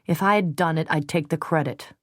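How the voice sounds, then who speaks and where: Brief: hot-tempered thirtysomething man, voiced by a female narrator, blunt, forceful, dry close read. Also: low-pitched, a little fast, no room sound. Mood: calm, wry. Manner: blunt, forceful, sometimes scornful. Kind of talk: audiobook character reading.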